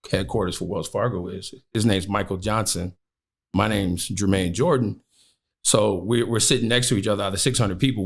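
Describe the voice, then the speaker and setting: A man's voice: fairly low pitch, creaky. A man in his thirties from Chicago, a podcast guest telling a personal story with many "you know" fillers.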